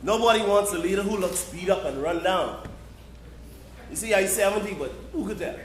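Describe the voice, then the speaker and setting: An actor with a Bahamian accent playing a jaded, vain seventy-year-old prime minister on stage, boastful and folksy. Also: male voice, high voice, moderate pace, lightly acted. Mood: lecturing. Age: 70s. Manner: boastful, folksy, trash-talking. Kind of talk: live stage play. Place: theatre stage. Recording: echoey theatre sound.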